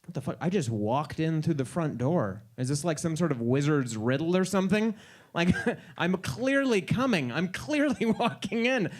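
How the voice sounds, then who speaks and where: Wry stand-up comedian on a live stage. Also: male voice, a little high, expressive, normal speed. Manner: wry, incredulous, acts out quoted voices.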